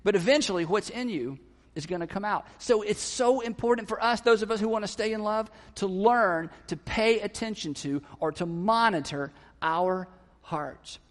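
A man's voice: high voice, moderate pace, in a large hall. A man preaching a sermon in a conversational way, acting out quoted voices for his congregation. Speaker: pastor.

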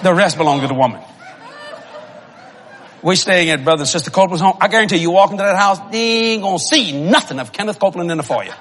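A man preaching a humorous sermon to a congregation, telling comic stories, laughing and often shouting. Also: sits high, lively intonation, fast talker, long reverb tail. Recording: live audience laughter and room noise.

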